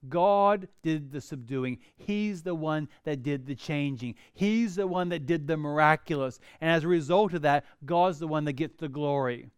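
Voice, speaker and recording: High, smooth-voiced preacher man. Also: moderate pace, hardly any pauses, no echo, studio quality. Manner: animated storytelling with humorous asides. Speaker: pastor. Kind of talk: sermon.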